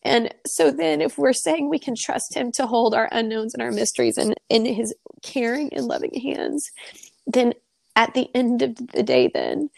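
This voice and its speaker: A woman speaking earnestly about faith on a podcast, close to tears, with a gravelly voice. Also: on the high side, darkish tone, no room sound. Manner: earnest, tearful, preaching tone.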